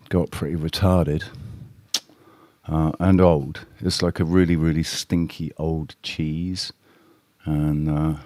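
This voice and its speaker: A man with a low, darkish voice chats casually on a live stream, rambling, blunt and swearing freely as he talks straight to his viewers. The recording is clean studio sound with no room echo.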